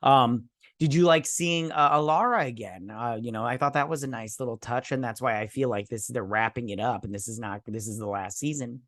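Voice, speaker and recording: A man's voice: medium pitch, a little fast, a bit bright, no echo, studio quality. A man hosting a casual spoken TV review, rambling with many fillers and restarts and mimicking characters' lines. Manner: acts out characters' lines in mocking voices. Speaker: TV review host.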